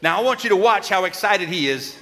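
A man giving a lively children's sermon, coaxing and calling out to the kids in a church. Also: sits high, fairly quick. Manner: animated, coaxing, calls out to the kids. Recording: long reverb in a large hall, faint crowd.

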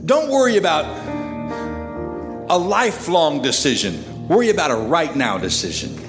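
A man preaching an impassioned altar-call sermon at a church service, moving between hushed and shouted prayer. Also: on the high side, sing-song, normal speed, music in the background. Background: musicians playing.

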